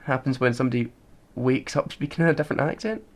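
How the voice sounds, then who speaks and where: A man's voice: medium pitch, fast talker. A man co-hosting a casual podcast, arguing his point and reading out facts. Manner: argumentative, reads out facts. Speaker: podcast co-host. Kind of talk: casual chat.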